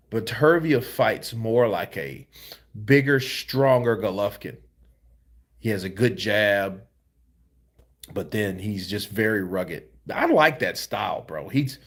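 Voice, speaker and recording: A tired man hosting boxing commentary, reading viewer comments in a loose, slangy, laid-back way. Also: on the low side. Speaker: host of a boxing news channel.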